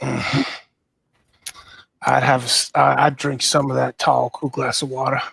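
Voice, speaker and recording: A man's voice: medium pitch, little pitch movement, a little slow, creaky, fairly bright tone, breathy edge, no room sound. A man chats casually and makes dismissive, cynical asides. His voice sits mid-range and sounds close and dry. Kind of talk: casual group chat reacting to a livestream.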